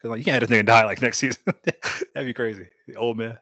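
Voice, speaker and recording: A man co-hosting a podcast, casually leading the segments and asking quick questions. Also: mid-range voice, fairly even intonation, sharp tone, dry recording. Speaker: podcast co-host. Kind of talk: casual chat.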